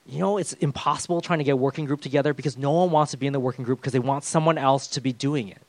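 A man's voice: mid-range voice, very fast, few pauses, no echo. A man preaching a sermon as a pastor, conversational with self-deprecating humor.

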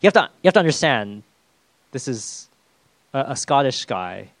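A man giving a sermon in a plain, mid-pitched voice. He speaks haltingly and keeps restarting with fillers. The sound is dry and close. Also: sing-song, no room sound. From the West. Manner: hesitant, with many fillers and restarts. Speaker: preacher.

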